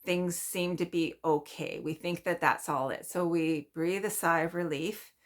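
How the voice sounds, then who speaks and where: A woman vlogger telling a story in a chatty, animated way, often laughing. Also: fairly low pitch, measured pace. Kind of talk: casual storytelling.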